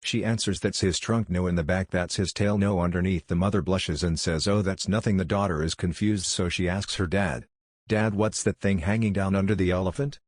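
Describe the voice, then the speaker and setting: A man reads one joke after another in a flat, deadpan manner. His voice sits very low. The recording is close and dry, with no room sound. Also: fairly quick, dry recording. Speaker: joke narrator. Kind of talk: reading jokes aloud.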